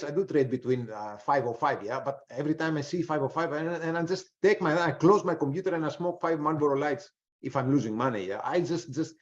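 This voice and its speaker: A man's voice: medium pitch, darkish tone. Rambling man giving a webinar talk. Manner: rambling, frequent restarts and fillers. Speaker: webinar presenter, trader. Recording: slightly dull, lo-fi webinar audio.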